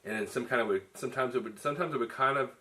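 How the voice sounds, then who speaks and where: Bright-voiced man reviewing a film. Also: medium pitch, very fast. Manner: chatty, many restarts and "you know". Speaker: film reviewer, show host. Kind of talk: casual review chat.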